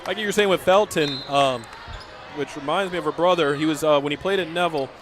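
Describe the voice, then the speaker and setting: A man calling a high school basketball game play by play, with excited calls and chatty asides. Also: quick pace. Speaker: play-by-play announcer. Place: school gym broadcast booth. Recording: noisy gym ambience behind.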